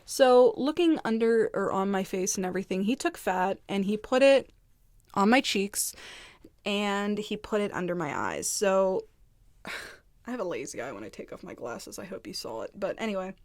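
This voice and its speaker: Woman, vlogger, casual storytime, candid, rambling, lots of filler words, mid pitch. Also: lively intonation, moderate pace, darkish tone. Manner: candid, rambling, heavy use of "like". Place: indoors, seated at home.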